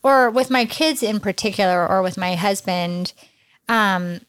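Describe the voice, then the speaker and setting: A woman in her forties hosting a casual church podcast conversation, reflective and quick to laugh at herself as she leads with questions. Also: medium pitch, no echo.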